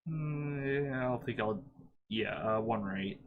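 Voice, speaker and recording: A man playing a tabletop game, deadpan as he plans out loud. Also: mid-range voice, slow, narrow, tinny audio, slight background noise. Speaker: player.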